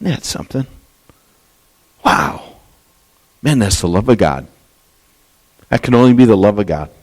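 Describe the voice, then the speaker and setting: A man preaching a Bible study sermon in a candid, conversational way. He talks plainly with his listeners and speaks from his own experience. When he quotes scripture and acts out its voices, he becomes animated. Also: on the low side, unhurried. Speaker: pastor. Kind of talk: expository sermon.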